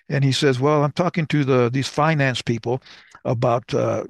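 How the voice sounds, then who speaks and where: A man's voice: mid-range voice, steady tone, brisk, dry recording, clean studio sound. An older man co-hosting a podcast, casually telling stories and acting out the dialogue. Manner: anecdotal, acts out dialogue. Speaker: podcast co-host. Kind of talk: casual conversation, storytelling.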